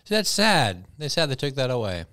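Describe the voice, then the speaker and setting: A man co-hosting a comedy podcast in casual, animated chat, joking and slipping into silly voices. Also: medium pitch, brisk. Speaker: podcast co-host.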